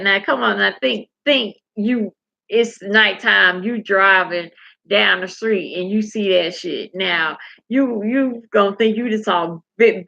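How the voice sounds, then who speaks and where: A woman's voice: mid-range voice, vocal fry, sharp tone. A woman hosting a casual livestream chat, salty and candid, talking straight to her viewers and telling stories. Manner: chatty, addresses viewers directly. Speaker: livestream host reading viewer comments. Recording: dull lo-fi recording.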